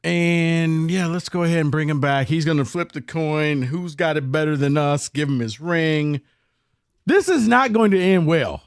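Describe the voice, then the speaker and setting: A male co-host on a sports talk show makes wry, mocking asides. His voice sits a touch higher than most men's. The studio sound is dry and close. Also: normal speed, clear, resonant tone, no echo. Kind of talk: sports talk radio banter. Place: radio studio. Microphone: studio mic.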